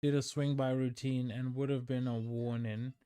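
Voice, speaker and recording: A man hosting a livestream, telling a story in a rambling, animated way full of "like" and "dude". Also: mid-range voice, moderate pace, clear, resonant tone, no room sound. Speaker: livestream host.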